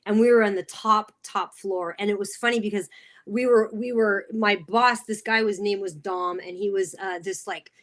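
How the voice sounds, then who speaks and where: A middle-aged woman who works as a sales specialist appears as a podcast guest, speaking at medium pitch and a moderate pace. She is an animated storyteller, sharing stories in casual chat with lots of fillers.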